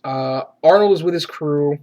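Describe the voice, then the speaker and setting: Man, movie rant, sarcastic, swearing, slightly high voice. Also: moderate pace, dark tone. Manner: profane, sarcastic ranting with ironic laughs. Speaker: movie reviewer.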